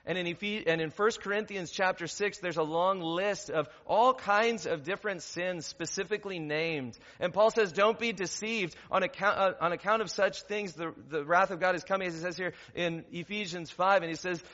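A man with a fairly high voice preaches a sermon, posing rhetorical questions and rising to loud, emphatic passages. His voice rings with a long reverb in the church sanctuary. The recording sounds dull and lo-fi. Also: normal speed, hardly any pauses. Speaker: pastor.

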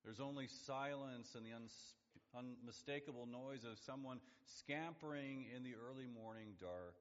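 A man preaching a sermon, building up to emphatic high points and dropping to hushed, low lines. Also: unhurried. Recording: lo-fi sound in a long-reverb hall.

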